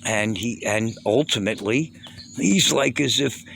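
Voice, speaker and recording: A man's voice: mid-range voice, gravelly, background noise. Emotional rambling man in his sixties. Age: 60s. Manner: halting, emotional, many restarts, blunt swearing. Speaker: vlogger. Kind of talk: rambling personal vlog.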